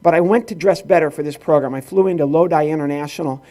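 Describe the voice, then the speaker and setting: Doing stand-up at a corporate event, a middle-aged man from rural Illinois, in the US Midwest, tells stories and acts out the dialogue. His mellow voice sits on the high side and moves quickly.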